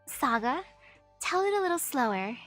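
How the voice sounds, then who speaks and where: A woman streaming a video game, reading its dialogue aloud in a playful, animated way and adding her own commentary. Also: sits high, moderate pace, soft background music. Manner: playful, animated, switches voices for characters.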